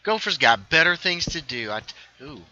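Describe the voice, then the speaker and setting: Bright-voiced man chatting through a game stream. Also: fairly high pitch, sing-song, dull audio. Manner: rambling, reads chat aloud, quick asides. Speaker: livestream host playing a game. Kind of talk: casual gaming livestream chat.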